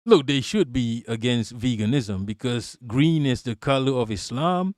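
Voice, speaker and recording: A man's voice: mid-range voice, animated, a little slow, a little mellow, dry recording, clean studio sound. Crude joking live-stream host man. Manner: joking, crude banter, addresses viewers by name. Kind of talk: casual live-stream chat, answering viewers.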